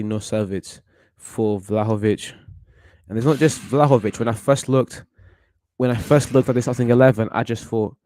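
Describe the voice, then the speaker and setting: A man with a fairly low, dark-toned voice hosts a football watchalong, chatting casually and offering opinionated commentary on the match. He thinks aloud with restarts, and there's no echo.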